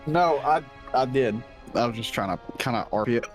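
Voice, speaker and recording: A man's voice: medium pitch, lively intonation, normal speed. A man at a tabletop game with a mid-range voice, throwing in jokes and exasperated curses. Faint music plays behind him. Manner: joking, swears in frustration. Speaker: player. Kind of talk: casual tabletop play.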